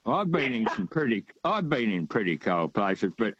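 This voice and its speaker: A man's voice: fairly low pitch, big pitch swings, normal speed, a bit bright, breathy edge, no echo, dull audio. Older man calling in. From Australia. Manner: hesitant, rambling, many fillers. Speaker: radio caller. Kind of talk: casual phone-in chat.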